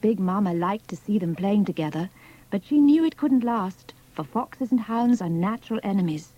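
A woman narrating a children's storybook in a measured, expressive reading. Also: medium pitch, poor audio.

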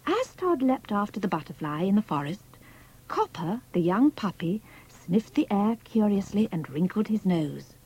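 A woman narrating a children's storybook in a measured, expressive reading. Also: medium pitch, slightly rough, low-quality recording.

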